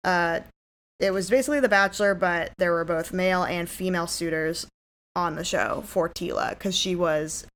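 A woman's voice: on the low side, moderate pace, a bit bright. A woman co-hosting a casual chat, talking loosely with plenty of fillers. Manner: conversational, many fillers like "like". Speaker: podcast co-host.

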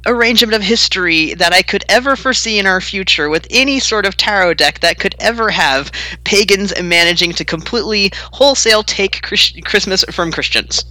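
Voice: medium pitch, brisk, pushed and bright, no echo. A podcast co-host in casual chat, making dry, wry remarks and laughing along.

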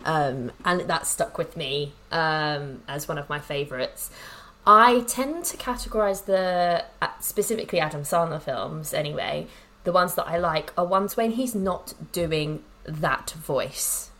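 A woman with a slightly low voice chats on a casual film podcast. She rambles along with lots of ums, trailing restarts and small laughs. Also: unhurried, fairly bright tone. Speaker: podcast co-host.

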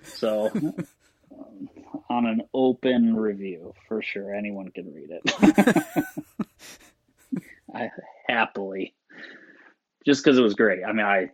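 A man's voice: on the low side, expressive, slow, pauses often, no room sound, poor audio. A man talking as a guest in a casual interview, rambling and laughing often. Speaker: guest, shop owner.

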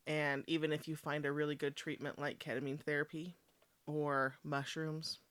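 Bright voice, dry sound, gentle and kinda teasing in a candid chat. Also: medium pitch, little pitch movement, normal speed, clear, resonant tone, no echo. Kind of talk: candid conversation.

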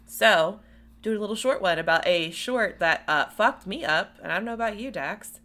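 A woman's voice: mid-range voice, lively intonation, normal speed, pushed and bright. A woman co-hosting a podcast, chatting casually and recapping a film plot, laughing often and stumbling over words. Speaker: podcast co-host.

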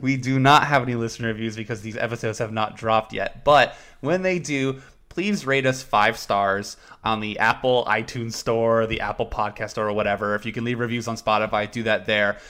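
A man's voice: on the low side, normal speed, a bit bright. A young man hosting a podcast, joking and rambling in a self-mocking, casual way. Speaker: podcast host.

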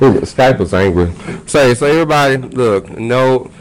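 A man hosting a casual podcast, animated and jokey, swearing freely and jumping into high squeals. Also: normal speed, rough recording. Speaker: podcast host. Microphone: studio microphone.

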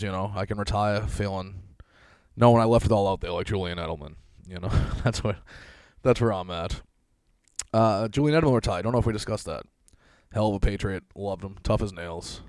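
A man's voice: low voice, a little mellow, no echo. A man in his thirties hosting a casual solo podcast, telling a rambling, self-deprecating story full of swearing and frequent laughs. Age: 30s. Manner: laughs often while telling stories. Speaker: podcast host.

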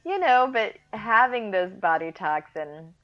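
A woman with a drawl talks frankly in a casual interview, her stories lively and warm-hearted. Her voice sits in a middle pitch, and the recording comes through a little dull and muffled. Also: a little slow. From Texas, US. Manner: frank, animated storytelling with laughs. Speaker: guest, adoptive mother.

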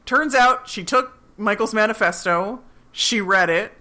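Co-hosting a podcast, a woman animatedly recaps a TV episode and acts out the quoted characters. She speaks a little slowly at a medium pitch.

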